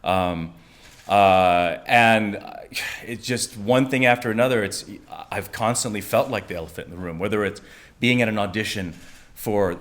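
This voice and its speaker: A man from the United States telling a personal story on stage, animated, often laughing, and jumping into high voices for the people he quotes. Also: normal speed. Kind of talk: live storytelling.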